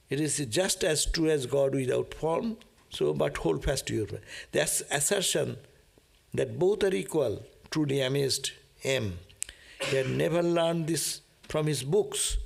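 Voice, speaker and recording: A man's voice: a little high, expressive, slow pace, gravelly. A man who reads from scripture and explains it in a chatty way, asking "no?" and laughing often. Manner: laughs often and acts out prayers. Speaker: monk teaching a scripture class. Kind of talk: scripture reading with commentary.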